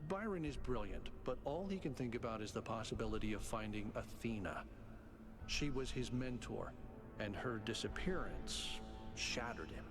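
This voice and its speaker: An actor playing a cautious male robot leader in a video game, speaking with a German accent in a measured, concerned way. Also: medium pitch, lively intonation, over music, close to an everyday voice.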